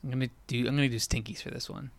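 A woman guest on a podcast, thinking aloud and making quick, offhand guesses in a trivia quiz. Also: a bass voice, steady tone, dry recording. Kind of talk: casual chat, guessing in a quiz.

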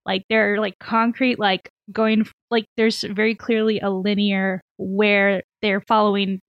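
A woman's voice: medium pitch, level tone, measured pace, no echo, lo-fi sound. A woman with a Southern American drawl, recapping a TV episode in casual chat, laughing often and acting out the characters' lines. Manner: chatty, laughs often, acts out quotes. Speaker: podcast host.

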